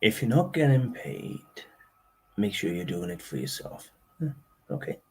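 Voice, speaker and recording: Host, male, low-pitched, chatty show-and-tell delivery, laughs easily. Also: sing-song, unhurried. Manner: chatty, laughs often, admits trouble reading dialect. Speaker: antiques dealer and channel host.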